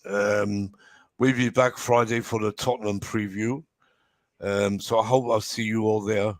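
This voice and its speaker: A man hosting a casual football fan livestream, talking in a halting way with many fillers and restarts. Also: on the low side, flat delivery, dry recording. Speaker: host of fan channel livestream. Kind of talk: casual heated fan debate.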